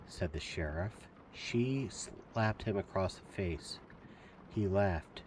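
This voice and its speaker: A soft-spoken man reads a novel aloud on his stream, keeping his voice gentle and calm. His voice sits fairly low. A faint hum lies underneath. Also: slow pace. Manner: softly spoken.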